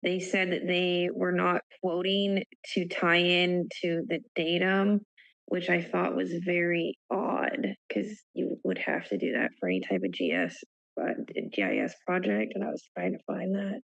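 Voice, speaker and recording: A woman's voice: fairly low pitch, measured pace, vocal fry, no room sound, highs cut off. A woman on a board, thinking aloud as she searches for a detail and trailing off. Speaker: board member. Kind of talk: meeting discussion.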